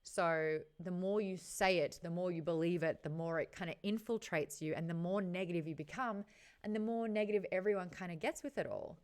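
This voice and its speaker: A woman's voice: fairly low pitch, brisk, clean tone. A woman hosting a casual book discussion, chatting frankly with her live viewers and swearing now and then. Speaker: host of a book chat show.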